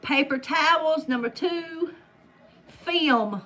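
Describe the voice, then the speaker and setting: A woman's voice: sits high, slow, long pauses, fairly bright tone. A woman hosting a casual trivia game with friends. She reads out questions and answers in a playful, teasing way. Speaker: game host.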